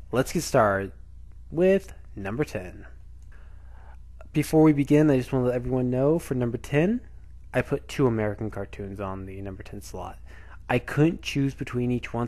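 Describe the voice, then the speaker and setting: A man's voice: medium pitch, animated, moderate pace, dark tone. A man in his twenties hosting a casual countdown video, chatty and enthusiastic, often repeating himself. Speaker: video host.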